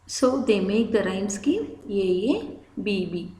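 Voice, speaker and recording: A woman's voice: medium pitch, very animated, slow pace, darkish tone, reverberant, poor audio. A woman teaching a literature lesson, patiently explaining terms and spelling words out. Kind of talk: slow explanatory lecture.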